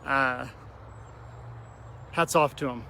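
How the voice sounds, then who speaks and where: A man's voice: mid-range voice, takes it slowly, vocal fry, bright, forceful tone, slight background noise. A man talking earnestly to his viewers outdoors, emotional and tearful at times. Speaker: vlogger addressing his audience. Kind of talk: heartfelt outdoor vlog talk. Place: outdoors at a cemetery.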